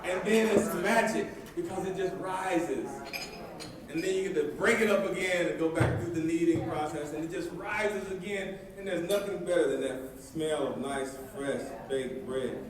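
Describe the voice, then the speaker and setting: A man's voice: fairly high pitch, moderate pace, a crowd in the background. Folksy guy speechifying at a banquet, super echoey hall, mic far away. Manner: folksy, emphatic. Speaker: banquet speaker. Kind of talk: storytelling speech.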